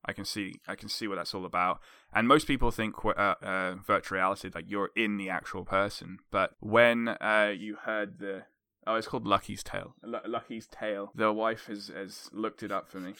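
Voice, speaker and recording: A man's voice: lowish voice, steady tone, moderate pace, pushed and bright, no echo, studio quality. A man co-hosting a casual podcast chat, rambling and laughing often. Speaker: podcast co-host.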